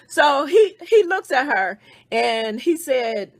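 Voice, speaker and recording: Animated, profane woman venting a story. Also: high-pitched, takes it slowly, dry recording. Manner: animated, profane storytelling that acts out other people's words. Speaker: podcast host. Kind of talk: casual venting on a phone call.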